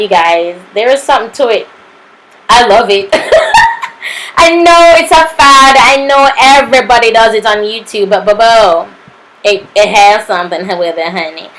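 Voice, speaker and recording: A woman's voice: medium pitch, fairly bright tone, a little hiss or hum, rough recording. Sassy Jamaican woman doing makeup voice-over. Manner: sassy, playful asides calling viewers honey and papito. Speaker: makeup artist.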